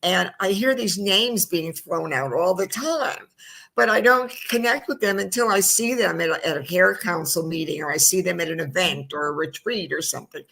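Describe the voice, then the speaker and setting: Middle-aged female talk host, husky and gravelly, chatty rambler. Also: lowish voice, normal speed, fairly bright tone. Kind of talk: casual chat. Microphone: streamed studio mic.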